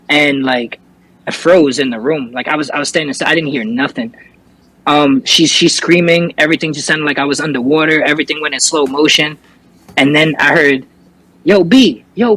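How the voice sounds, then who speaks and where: A man's voice: on the high side, a bit bright, breathy edge, low-quality recording. A young man, a guest on an interview show, telling a personal story casually with lots of fillers and restarts. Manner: rambling, many fillers and restarts. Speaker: interview guest, recording artist and streamer.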